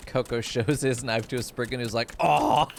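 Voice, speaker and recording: A man's voice: medium pitch, flat delivery, brisk, slight background noise. A man streaming a game, joking crudely and laughing often in casual commentary.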